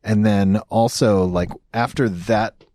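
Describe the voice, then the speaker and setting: Low-voiced man rambling in casual chat. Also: fairly even intonation, slow, warm tone, dry recording, studio quality. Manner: rambling, many fillers and restarts. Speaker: podcast host. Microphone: desk mic.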